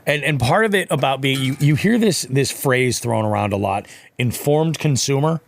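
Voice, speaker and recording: A man's voice: mid-range voice, expressive, brisk, vocal fry, slight background noise. A man co-hosting a podcast, giving blunt, profane opinions in casual talk. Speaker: podcast co-host. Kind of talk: casual chat.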